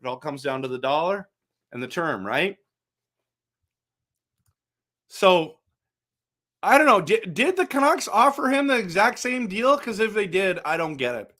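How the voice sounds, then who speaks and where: Animated, chatty middle-aged man. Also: high-pitched, normal speed. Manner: animated, chatty, addresses viewers directly; frequent repetitions and restarts. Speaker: hockey fan channel host. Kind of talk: casual fan commentary vlog.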